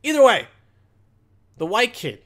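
Sing-song and very high, his voice is a bit bright and a little slow. The vlogger offers sarcastic, profane reaction commentary, often ending sentences with "okay?" and repeating "all right?" too.

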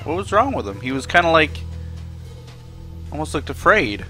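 A man's voice: on the high side, sing-song, moderate pace, sharp tone, faint music behind. Emotional young man commenting on gameplay. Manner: emotional, talks tenderly to the game's animals. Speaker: gaming video host. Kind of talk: let's play commentary.

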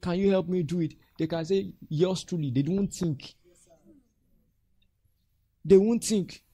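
A man's voice: high-pitched, measured pace, no room sound. A Nigerian man preaching a sermon as pastor, acting out church members' voices as he talks. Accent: Nigerian English. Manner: animated, acts out church members' voices with laughter.

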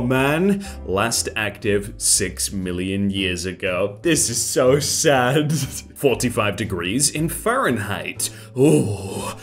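A man in his thirties doing casual meme commentary, reading captions aloud, then joking and laughing often. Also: mid-range voice. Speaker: meme reaction host.

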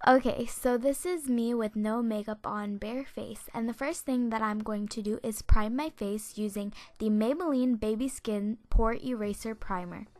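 A woman's voice: fairly high pitch, fairly even intonation, moderate pace, few pauses, darkish tone, no room sound. A teenage girl vlogger in a casual makeup tutorial, chatty and rambling with lots of fillers, still in her morning voice. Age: teens. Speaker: beauty vlogger.

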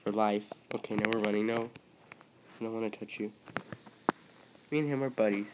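A man commenting on his own gameplay as he plays, excitable, yelping at other players one moment and muttering to himself the next. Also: on the low side, normal speed, background noise. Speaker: gaming video creator.

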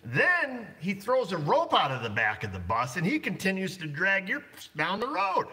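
A man's voice: high-pitched, wildly swooping pitch, normal speed, hardly any pauses, sharp tone. A blunt man running a repair shop, chatting casually on a livestream and rambling with lots of fillers. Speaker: auto shop owner.

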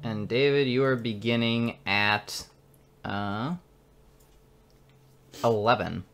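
A man narrating as game master of a tabletop game, unhurried and often laughing. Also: mid-range voice, steady tone, a bit bright, a little hiss or hum.

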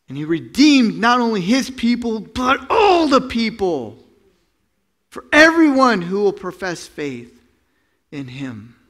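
Man, pastor, sermon, high voice, acts out voices and sound effects, loud bursts and hushed asides. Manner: swings from loud bursts to hushed low tones.

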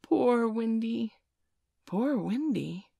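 Woman reader as storybook boy: high, urgent, loud cries, dry close mic. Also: very animated, a little slow, vocal fry, dry recording, exaggerated voice. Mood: excited. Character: frightened young boy from the story.

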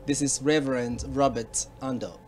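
A man hosting an English-language talk show, asking questions in a halting, formal way with frequent fillers. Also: mid-range voice, steady tone, darkish tone. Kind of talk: interview hosting.

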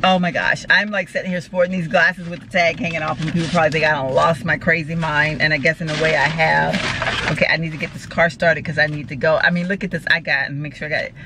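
A woman chats to her viewers from the seat of her car and gushes over each gift she unboxes. She talks in exclamations and repeated thanks. Steady road and engine noise runs under her voice. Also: deep voice, fast. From Texas. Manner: effusive, exclamatory, gushing thanks. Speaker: vlogger. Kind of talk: casual unboxing chat. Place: parked car.

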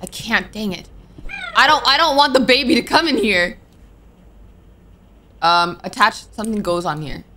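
A young woman streams her gameplay with game music playing behind her, muttering to herself and jumping with nervous outbursts. Her medium-pitched voice is expressive and sharp, moving at a normal speed broken by long pauses.

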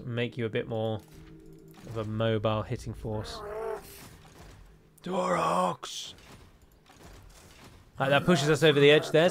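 A man's voice: mid-range voice, a little hiss or hum. A man with an English accent giving casual, wry, rambling commentary while playing a strategy game. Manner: chatty, wry, rambling asides. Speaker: gameplay commentator. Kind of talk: casual let's-play commentary.

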